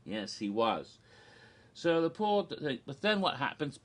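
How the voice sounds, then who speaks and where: A man casually recounting a theme-park show in an animated, gossipy way with giggles. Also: mid-range voice, takes it slowly. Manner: animated, gossipy, giggles at his own jokes. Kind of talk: casual recap narration.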